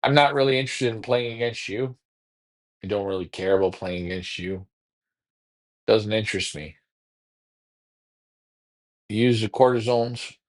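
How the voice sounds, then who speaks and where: A man hosting a pigeon racing show in casual talk, taunting a rival with repetitive trash talk. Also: on the low side.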